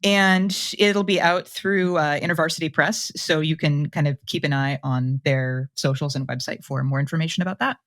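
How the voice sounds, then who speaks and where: A woman's voice: low-pitched, moderate pace, hardly any pauses, a bit bright. A woman guest author on a podcast, explaining her upcoming book in a friendly, upbeat way. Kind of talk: casual discussion.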